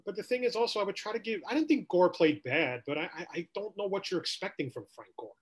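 A man's voice: high-pitched, lively intonation, fast, husky. A man co-hosting a sports podcast, ranting with rhetorical questions in casual talk.

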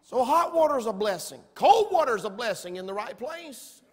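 High-voiced preacher in a reverberant hall. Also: male voice, fairly quick, slightly rough. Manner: animated storytelling, folksy, emphatic. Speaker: pastor. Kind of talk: sermon. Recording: long reverb of a church hall.

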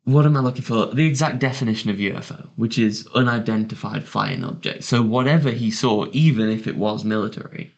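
A man's voice: on the low side, fairly quick, vocal fry, few pauses, lo-fi sound. A man co-hosting a casual chat, joking and sceptical, chipping in with comic asides. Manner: joking, sceptical, laughs at his own bits. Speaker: podcast co-host. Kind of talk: casual banter.

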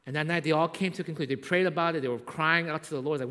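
Storytelling preacher in a reverberant hall. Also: male voice, on the high side, fast, few pauses. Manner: storytelling, swings from loud to hushed, frequent "right?". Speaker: pastor. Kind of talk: sermon.

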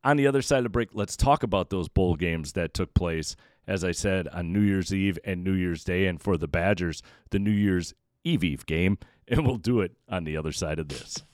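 A man's voice: deep voice, normal speed, a little mellow, dry recording. A man hosting a solo sports podcast, giving emphatic, opinionated commentary that sometimes stumbles over repeated words. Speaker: podcast host.

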